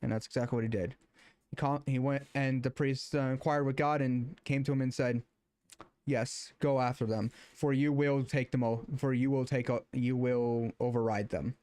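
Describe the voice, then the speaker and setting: A man streaming, talking casually and then reading scripture aloud in a halting way, with many filler sounds and restarts. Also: medium pitch, fairly even intonation, darkish tone.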